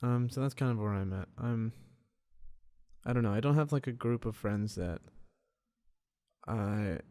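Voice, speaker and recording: A young man hosting a solo podcast, rambling in a frustrated, profane way with many restarts, talking quietly in a dark room. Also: medium pitch, measured pace. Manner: tends to talk quiet. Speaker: podcast host.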